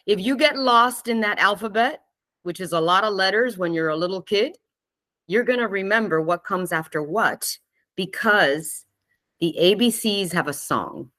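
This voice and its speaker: A woman giving a spiritual talk to a live online group, gentle and conversational, often checking in with her listeners and laughing easily. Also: mid-range voice, lively intonation, measured pace. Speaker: spiritual teacher hosting a live online session.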